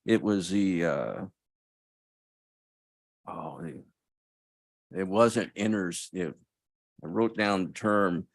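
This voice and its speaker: A man's voice: low voice, takes it slowly, pauses often, no echo. A man in his seventies, a board member, giving unprepared remarks at a board meeting, rambling and stopping to search for words. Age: 70s.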